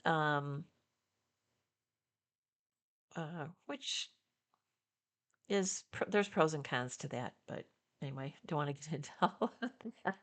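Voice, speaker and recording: A woman's voice: low voice, a little slow, long pauses. A woman in her sixties from the Detroit area, chatting casually to her viewers as a vlogger, rambling with fillers and little laughs. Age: 60s. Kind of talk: casual chat to camera.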